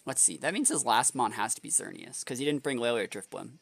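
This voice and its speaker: A man's voice: medium pitch, lively intonation, quick pace, creaky, a bit bright. A young man thinking aloud through a competitive match, analyzing his opponent's moves, with frustrated outbursts at times. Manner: analytical, muttering strategy to himself, then bursting into exasperated outbursts. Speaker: competitive game player and video creator. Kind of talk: thinking-aloud gameplay commentary.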